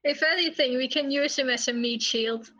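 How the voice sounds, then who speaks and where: A wry, skeptical woman playing a tabletop game. Her voice sits fairly high, and the recording sounds dull and lo-fi. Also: moderate pace, pushed and bright. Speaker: player. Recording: dull lo-fi mic.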